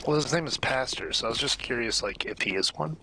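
A man's voice: medium pitch, animated, quick pace, background noise. A man on an online game voice chat, chatting enthusiastically with his teammates and asking them lots of questions. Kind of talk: casual gaming voice chat. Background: loud music.

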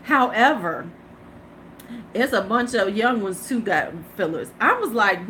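A woman's voice: medium pitch, lively intonation, measured pace, bright, forceful tone, a little hiss or hum. A woman in her fifties, a beauty vlogger hosting a live stream, chatting casually, laughing and greeting her viewers. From United States.

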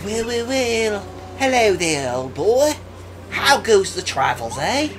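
A man's voice: high voice, sing-song, slow pace, a little hiss or hum, pitched above the performer's own voice, full character voice. Man putting on a blustery old turtle explorer. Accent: put-on Australian. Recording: game music behind voice.

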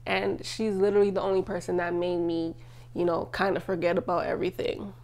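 A woman's voice: on the low side, flat delivery, a little fast, darkish tone. Young woman confiding on her vlog. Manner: emotional, tearful at times, frequent "like" fillers. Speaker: vlogger. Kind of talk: personal life-update vlog.

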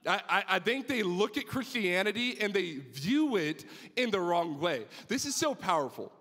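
A young man preaching a youth sermon, telling a personal story with rising excitement and frequent restarts. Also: high-pitched, moderate pace, big-room sound. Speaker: youth pastor.

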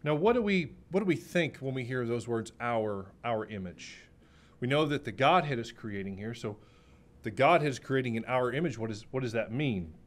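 A man preaching a sermon. He is emphatic, repeats key phrases, slows down to stress his main points and clears his throat now and then. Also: mid-range voice, lively intonation.

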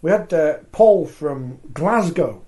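A man's voice: on the high side, animated, takes it slowly, warm tone. A man hosting a sports talk show, chatty and reading out viewer comments. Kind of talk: casual studio discussion.

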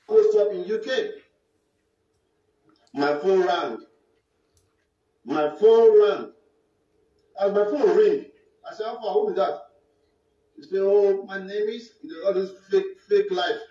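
A Nigerian man tells a boastful, defensive personal story in a high, mellow voice. The clip sounds roomy and dull, recorded far from the mic. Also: measured pace, long pauses. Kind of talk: personal story told to camera.

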